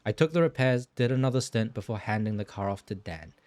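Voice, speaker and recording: A man's voice: lowish voice, fairly quick. A young man hosting a sim racing video, narrating his team's endurance race and joking with teammates over voice chat. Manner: lively, laughs often with teammates.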